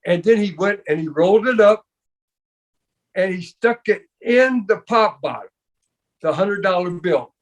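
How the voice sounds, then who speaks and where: A man's voice: sits high, animated, a little slow, pauses often. An older man telling a story as an interview guest, rambling with many restarts and repeated fillers.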